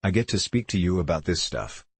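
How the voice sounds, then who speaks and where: A man with a low, husky voice appears as an interview guest over a video call from a room at home, telling anecdotes a little fast in a relaxed, wry, self-deprecating way. His voice sounds dry and close, with no echo.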